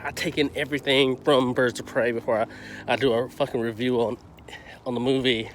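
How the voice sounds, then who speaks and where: A man's voice: medium pitch, flat delivery, a little fast, a little hiss or hum. A man giving a casual, profane and heated movie review, rambling and swearing as he goes.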